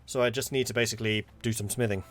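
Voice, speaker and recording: A man's voice: mid-range voice, fairly even intonation, fast talker, fairly bright tone, dry recording. A man chatting casually and thinking aloud as he plays a video game, poking fun at himself. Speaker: gaming YouTuber. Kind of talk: casual gameplay commentary.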